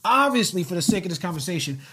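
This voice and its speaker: Brief: male interviewer, high voice, measured and reflective. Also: big pitch swings, a bit bright. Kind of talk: casual interview talk.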